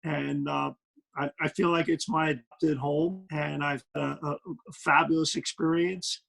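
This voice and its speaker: A man's voice: a little high, fairly even intonation, a little slow, gravelly, a bit bright, low-quality recording. A middle-aged man with a Brooklyn accent, a basketball analyst chatting as an interview guest, rambling with plenty of fillers. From Brooklyn, New York. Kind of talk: casual interview.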